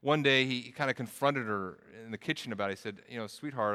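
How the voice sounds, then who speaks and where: A man's voice: fairly low pitch, fast talker, hardly any pauses, sharp tone, in a large hall. A man preaching a sermon, telling a story and then building to emphatic preaching. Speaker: pastor.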